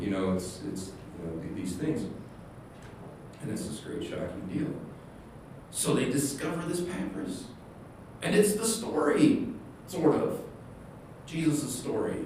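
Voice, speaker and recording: Pastor, man, chatty sermon delivery with rambling asides. Heavy room echo, distant mic. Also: medium pitch. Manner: rambling, animated storytelling with many restarts and quoted asides. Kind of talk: casual sermon. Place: church sanctuary. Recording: echoey hall, distant mic, faint hum.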